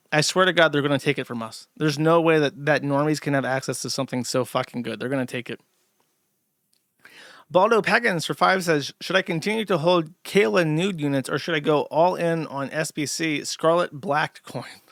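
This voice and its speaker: A man with a slightly high, gravelly voice reads donation messages on a livestream and answers them bluntly and with heavy profanity. His tone is sardonic and casual. The sound is dry and close, with no room echo. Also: normal speed, a bit bright. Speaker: streamer reading viewer donations.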